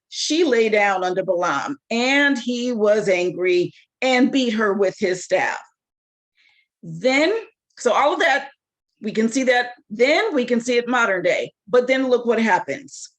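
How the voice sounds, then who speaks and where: A woman leading a casual Bible study, reading scripture aloud and asking her group animated rhetorical questions. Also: a little high.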